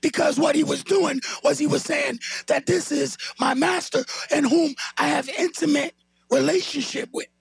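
A man's voice: extremely high pitch, moderate pace, gravelly, no room sound. A man preaching a sermon, calling on the congregation to answer him and building into a sung, whooping delivery. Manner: calls on the congregation to respond, rising into a sung whoop.

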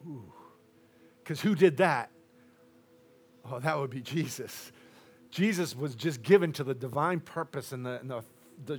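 A man preaching a sermon to a congregation, loud and boisterous at times and dropping to a near hush at others. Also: fairly high pitch.

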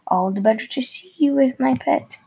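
A woman's voice: high-pitched, moderate pace, gravelly, warm tone, slightly rough, voice pushed up, exaggerated voice, poor audio. A woman voicing a wicked male wolf who pretends to be a grandmother, wheezing and sweet-talking in a storybook reading. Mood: sly. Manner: wheezing, sly sweet talk.

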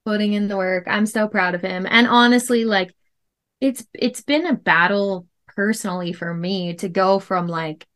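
Animated woman sharing a personal story. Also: mid-range voice, normal speed. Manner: animated, emphatic, many "like" fillers. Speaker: podcast guest.

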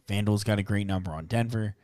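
A man hosting a sports betting podcast, chatting casually and briskly reeling off odds and numbers. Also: on the low side, darkish tone, no room sound, clean studio sound.

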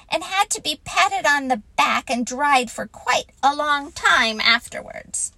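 A woman reads a children's story aloud, slow and gentle, with a lively, rising and falling melody. Her voice sits fairly high and sounds close and dry. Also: no echo, low-quality recording.

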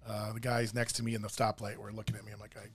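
Speaking rapid-fire with a flat delivery, this Irish-heritage co-host of a faith and family show has a lowish, breathy-edged voice. His casual talk is emotional and rambling, full of self-interruptions. He's recorded on a studio mic with a cough button.

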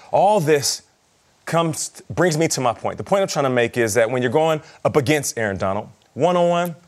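A man co-hosting a morning football show, playfully building jokes before narrating game film with excitement. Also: a little high. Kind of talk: animated sports segment breakdown.

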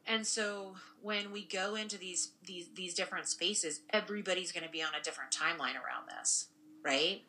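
Low, bright-voiced woman talking casually. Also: fairly quick, slight background noise, low-quality recording. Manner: rambling, frequent "right?" tag questions. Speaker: podcast co-host and spiritual practitioner. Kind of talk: casual conversation.

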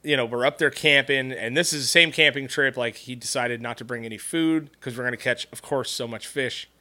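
A man's voice: mid-range voice, brisk, sharp tone. A man hosting a podcast, telling a story in casual, profane chat and laughing often. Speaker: podcast host.

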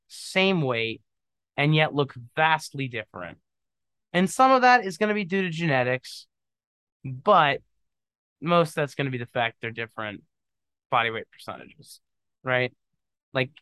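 Podcast dude rambling solo, jokey, trails off a lot, clean bright voice, dry sound. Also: male voice, medium pitch, clear, resonant tone, dry recording. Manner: trails off into mumbling asides. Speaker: podcast host. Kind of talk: casual solo monologue.

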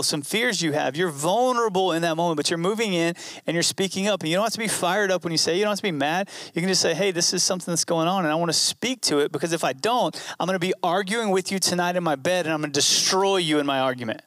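A man's voice: fairly high pitch, fairly bright tone, no room sound. Earnest man preaching in a dry room. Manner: earnest, conversational preaching with repeated phrases. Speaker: pastor. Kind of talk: sermon.

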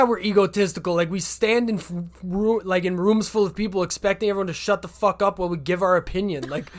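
Crude young male comic telling stories. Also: sits high. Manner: crude, animated storytelling. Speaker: comedian, podcast host. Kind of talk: casual chat, storytelling.

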